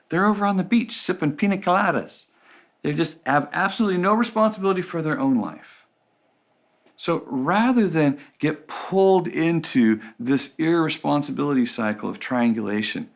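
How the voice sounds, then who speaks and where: A man teaching a relationships course in an animated, expressive way, often dropping to quiet emphasis. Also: medium pitch. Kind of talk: teaching talk with acted examples.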